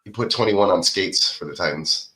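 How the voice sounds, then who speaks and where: A man's voice: low voice, moderate pace, bright, forceful tone. A man co-hosting a podcast, chatting casually and calling plays while watching a football game. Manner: play-by-play remarks, laughs often. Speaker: podcast co-host.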